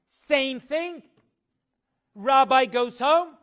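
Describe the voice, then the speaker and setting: A middle-aged male rabbi telling stories in an animated Torah class, singing quoted Hebrew phrases and adding humorous asides. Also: high voice, normal speed.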